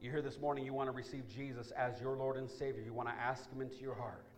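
Emphatic preaching man, soft music behind. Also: little pitch movement, quick pace. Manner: preaching with rising, emphatic build-ups and soft, low appeals. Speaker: pastor. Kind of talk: sermon with altar call. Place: church sanctuary.

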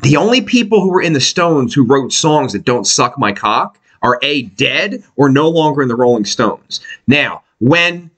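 A man hosting a podcast, talking in casual profane chat and slipping into quick impressions. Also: medium pitch, sing-song, fairly bright tone. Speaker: podcast host.

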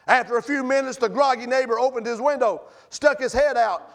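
High, gravelly-voiced man preaching. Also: moderate pace. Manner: impassioned preaching, dropping to hushed pleading. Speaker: pastor. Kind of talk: sermon. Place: church sanctuary.

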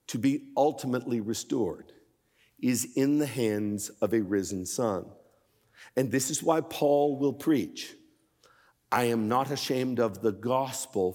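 A man in his sixties preaching a sermon as guest speaker, shifting from measured storytelling to impassioned, emphatic appeals. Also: mid-range voice, a little mellow, in a large hall. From Pennsylvania. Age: 60s.

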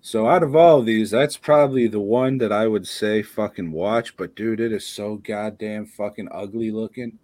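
A man's voice: on the low side, normal speed, hardly any pauses, a little mellow. A man co-hosting a horror podcast, talking casually with lots of swearing and laughter. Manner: profane, laughing, rambling. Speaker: podcast co-host. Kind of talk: casual chat.

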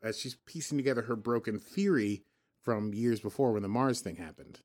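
A man's voice: lowish voice, fairly quick, a little mellow. A man co-hosting a podcast, chatting casually and rambling with frequent self-corrections and jokes. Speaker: podcast co-host. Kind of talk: casual chat recapping a TV episode.

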